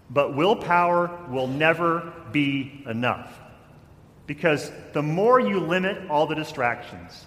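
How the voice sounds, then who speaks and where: A man giving a sermon as a pastor, telling stories with changing loudness and acted-out quotes. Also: medium pitch. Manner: storytelling with shifts in loudness, acting out quotes. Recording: echoey hall, faint noise.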